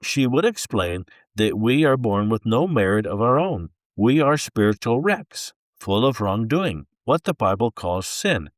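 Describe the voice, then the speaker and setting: A man reading a chapter of a faith-based book aloud in an expressive, unhurried storytelling manner. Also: medium pitch, dry recording, clean studio sound. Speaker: book reader.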